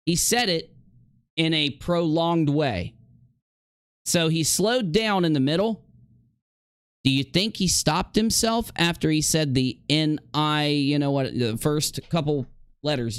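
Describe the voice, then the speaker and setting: A man's voice: on the high side, dry recording, clean studio sound. A man streamer in a heated livestream rant, confrontationally addressing a rival directly.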